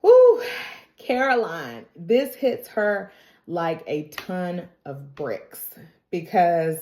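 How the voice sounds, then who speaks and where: A woman's voice: fairly low pitch, lively intonation, very slow, darkish tone, echoey room. A woman recapping a TV drama in a casual, emotional, storytelling way, a bit stuffy from crying. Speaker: TV recap reviewer.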